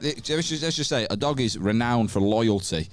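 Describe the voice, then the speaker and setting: A man's voice: medium pitch, lively intonation, moderate pace, a little hiss or hum. A man on an improvised comedy podcast, thinking aloud and checking in with the others. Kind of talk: casual improv chat.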